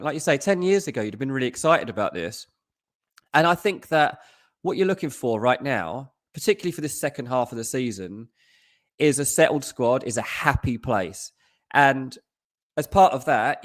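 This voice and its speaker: A man talking football transfers as a podcast guest, chatty, with quick asides and many restarts. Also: medium pitch. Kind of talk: casual podcast chat.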